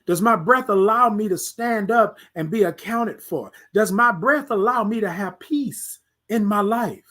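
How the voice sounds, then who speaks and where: A podcast host giving a motivational monologue, full of emphatic, repeated rhetorical questions, talking straight to the listeners and at times gently coaxing themself by name. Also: medium pitch, a little slow. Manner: speaks to self by name, soft and coaxing in places.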